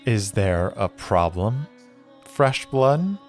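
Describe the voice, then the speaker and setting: A man's voice: fairly low pitch, big pitch swings, extremely slow, soft background music, full character voice. A man voicing a cold, commanding woman lieutenant who asks cool, probing questions.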